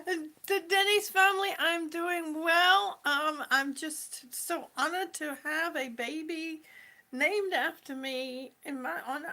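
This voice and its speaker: A woman hosting a casual livestream reads viewers' comments, teary and fighting back tears while gushing with repeated exclamations. Her voice sits high, slow, and sharp in tone.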